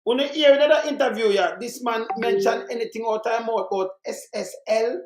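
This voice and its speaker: There's a slight hiss or hum and a roomy echo as a mid-range, moderately paced voice delivers heated political commentary. The speaker has a Jamaican accent and rants fiercely in patois, circling back to the same points.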